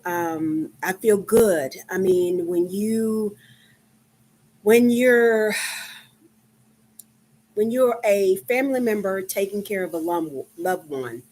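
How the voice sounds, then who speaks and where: Slow-talking Texan woman in her fifties. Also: mid-range voice, darkish tone. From Dallas, Texas. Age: 50s. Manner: slow, chatty, many ums. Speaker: live-stream host. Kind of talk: casual live-stream chat.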